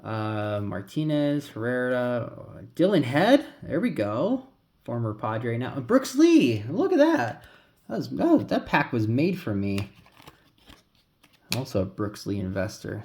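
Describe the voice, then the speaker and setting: A man's voice: medium pitch, creaky, darkish tone. A man casually talking through a pack opening, rambling and calling out names as he flips through cards. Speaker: card collector vlogger.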